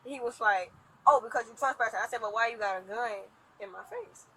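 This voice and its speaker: A woman rapidly retelling events to a police officer, animated, acting out what others said. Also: a little high, slightly rough, low-quality recording. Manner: rapid, animated storytelling with quoted dialogue. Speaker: complainant talking to police. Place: outdoors at an impound lot. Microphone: police bodycam.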